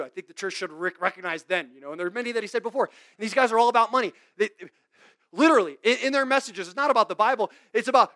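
Male preacher with a high voice, animated and emphatic, mocks greed in sudden loud bursts. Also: rapid-fire. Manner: swings from loud emphatic to quiet. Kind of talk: sermon.

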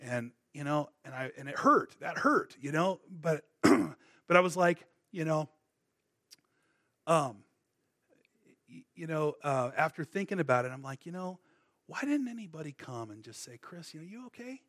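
A man's voice: on the high side, animated, measured pace, a bit bright. A middle-aged man preaching, telling his testimony in a casual, rambling way full of fillers and restarts. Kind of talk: sermon with personal testimony.

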